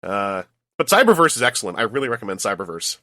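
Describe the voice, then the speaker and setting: A man co-hosting a casual podcast, talking in an opinionated, animated way and laughing often. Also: lowish voice, quick pace, no echo. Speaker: podcast co-host. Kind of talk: casual chat.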